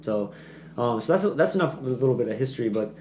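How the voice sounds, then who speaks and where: A man's voice: medium pitch, animated, quick pace, darkish tone. A man on a podcast, a guest back from Peace Corps service, explaining at length in casual chat with many fillers and restarts. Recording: echoey room with faint noise.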